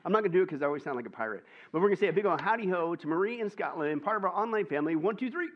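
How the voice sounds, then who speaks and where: A male pastor reads out church announcements with a playful, joking manner, often asking a question and answering it himself. His voice sits a little high. The recording sounds dull and lo-fi. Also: lively intonation, racing. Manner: jokey, upbeat, asks and answers his own questions.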